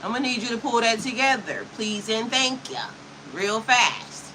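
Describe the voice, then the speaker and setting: A woman's voice: on the high side, normal speed, bright, forceful tone, slight background noise, poor audio. A woman in her fifties, livestreaming to her chat in a sassy, profane way, with frequent laughter, talking into a computer mic. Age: 50s. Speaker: spiritual coach livestreaming to chat.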